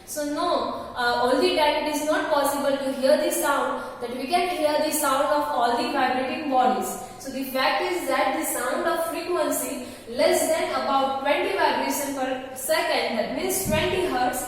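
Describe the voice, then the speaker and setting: High-voiced woman teaching in an echoey room. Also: moderate pace, few pauses. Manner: repetitive, restating points with fillers. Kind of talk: explaining a science textbook chapter. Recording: echoey room, distant mic, faint noise.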